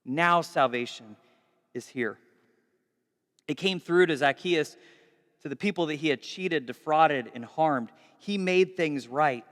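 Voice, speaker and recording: A man preaching a sermon in a conversational, animated way, recorded in a large church hall with long reverb. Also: a little high, unhurried. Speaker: pastor.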